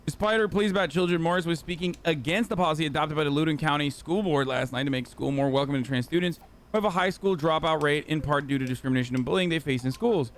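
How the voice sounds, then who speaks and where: A man's voice: fairly high pitch, fast talker. A man hosting a livestream, ranting in heated, profane, sarcastic reaction commentary. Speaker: livestream host.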